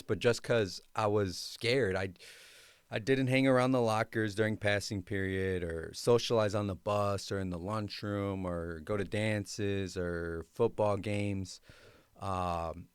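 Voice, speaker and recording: A young man talks casually through his own story on a podcast, loose and slangy with plenty of ums and likes. His voice sits a bit low and comes across smooth and clean. The sound is dry and close, with no room echo. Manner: laid-back, slangy, many fillers. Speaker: podcast host.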